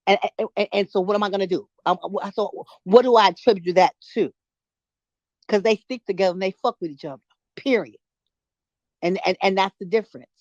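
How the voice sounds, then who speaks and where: A woman's voice: mid-range voice, a little fast, a little mellow, no echo. Heated, profane middle-aged woman on a lo-fi call. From New York City. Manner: heated, blunt and profane, with stammered restarts. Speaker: caller in an audio chat room. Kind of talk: emotional impromptu rant. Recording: lo-fi online audio call.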